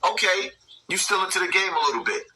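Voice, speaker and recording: A man's voice: high voice, animated, fast talker, pushed and bright, far from the mic, a little hiss or hum, low-quality recording. A man hosting a commentary video, ranting and preaching to his viewers with lots of repetition. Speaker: commentary channel host.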